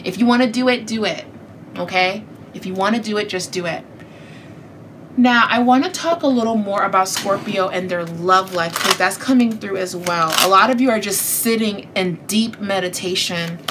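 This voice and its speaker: A woman giving a casual tarot reading, chatty and animated, speaking straight to her viewers and laughing often. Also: medium pitch, normal speed, background noise. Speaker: tarot reader.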